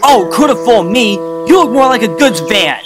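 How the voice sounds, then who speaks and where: A man's voice: high-pitched, expressive, moderate pace, music in the background, voice pushed up. A man voicing a rude, blunt male relief train driver who snaps and sneers. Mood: sneering. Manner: snapping, sneering.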